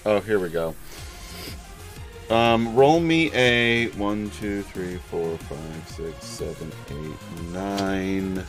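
A man's voice: sits low, drawn-out words, faint music behind. A man running a tabletop game as game master, rambling with fillers and laughs.

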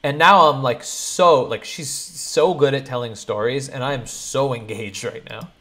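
Excited male streamer reacting live. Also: medium pitch, unhurried. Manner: excited, talks straight to chat.

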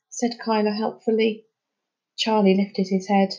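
A woman reading a children's chapter book aloud in a clear, measured storytelling manner. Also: mid-range voice, flat delivery, darkish tone. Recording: muffled lo-fi recording.

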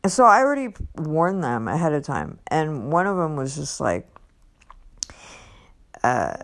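A woman tells a story from her own life in a casual, rambling way, stopping and restarting often. Her voice sits low and moves slowly, yet it swings widely and lively in pitch as she acts out other people's lines. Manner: rambling, lots of fillers and restarts.

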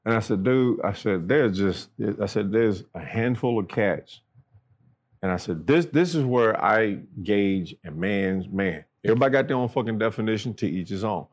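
A man's voice: lively intonation, normal speed. Profane middle-aged man telling war stories. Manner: profane, blunt, acts out quoted dialogue with jumps in pitch. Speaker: podcast guest, military veteran. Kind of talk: casual storytelling chat.

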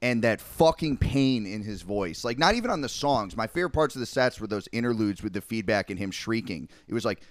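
A man's voice: fairly low pitch, animated, fairly quick, hardly any pauses, no echo, studio quality. A young man on a podcast, rambling in casual chat with heavy swearing and lots of filler words. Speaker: podcast co-host.

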